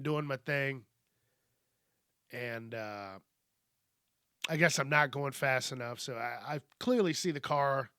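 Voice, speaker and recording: Bright, animated man telling a story. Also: medium pitch, no echo, studio quality. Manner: animated, profane and wry. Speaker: podcast host. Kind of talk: casual storytelling monologue.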